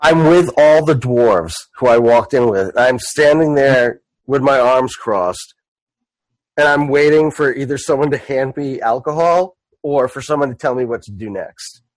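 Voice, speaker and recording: A man's voice: mid-range voice, unhurried, no room sound, low-quality recording. A man taking part as a player in a tabletop game, chatty and self-deprecating. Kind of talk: casual tabletop role-play.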